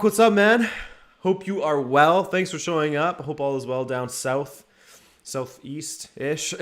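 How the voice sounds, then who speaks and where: Chatty man hosting a football watchalong. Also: a little high. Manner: chatty, reads chat names and greets viewers. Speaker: watchalong streamer host. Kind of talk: casual live-stream chat.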